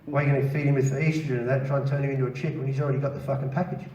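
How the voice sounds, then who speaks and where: A man doing stand-up in a big theatre, ranting and swearing in disbelief at the world. He is recorded from the back of the audience, so he sounds distant and roomy, with steady noise over everything. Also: mid-range voice, rapid-fire, dull audio. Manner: profane, ranting, incredulous. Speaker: stand-up comedian. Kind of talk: live stand-up routine. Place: large theatre stage with a live audience. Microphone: stage mic captured from the audience.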